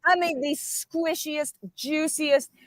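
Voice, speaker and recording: A woman's voice: high voice, fairly even intonation, slow pace, over a noisy crowd. A middle-aged woman, talking with emphatic enthusiasm as a guest on a live stream. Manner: fired up and emphatic. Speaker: guest speaker.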